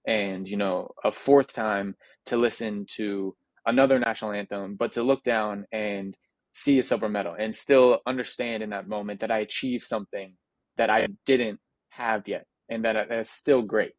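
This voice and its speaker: A man's voice: fairly low pitch, no echo. A young man from the United States, speaking as an interview guest in a reflective, earnest way, with frequent restarts and fillers. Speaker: interview guest, Paralympic athlete. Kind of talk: casual interview.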